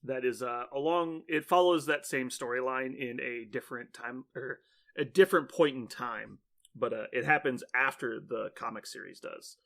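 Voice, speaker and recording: Bright-voiced animated male podcast host. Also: medium pitch, moderate pace, vocal fry. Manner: animated storyteller, laughs often, rambling with many likes. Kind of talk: casual chat.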